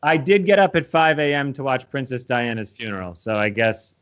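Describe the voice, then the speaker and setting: An American man of average pitch interviews a guest in relaxed, joking chat, riffing quickly with a dry edge. The recording has a slightly dull, muffled tone. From United States. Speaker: comedian, interviewer. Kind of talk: casual chat.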